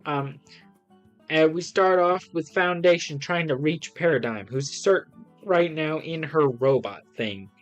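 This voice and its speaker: A man casually reviewing comics on a live stream, excitable and rambling with lots of ums and restarts. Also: a little high, a little slow, highs cut off, soft background music.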